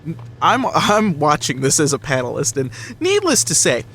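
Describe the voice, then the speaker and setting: Male co-host, lively pitch, storyteller, faint hiss behind. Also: normal speed. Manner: animated storyteller, swears freely. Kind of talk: casual chat.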